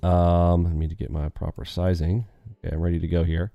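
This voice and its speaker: A man's voice: deep voice, level tone, brisk, gravelly, no echo, dull audio, soft background music. A man live-streaming his day trading, upbeat and quizzing his viewers with catchphrases.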